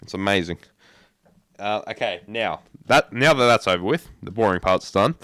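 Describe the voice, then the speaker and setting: A man hosting a casual podcast, rambling and repeating himself as he gives quick opinions. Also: on the low side, animated, fairly bright tone, no echo, studio quality. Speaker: podcast host.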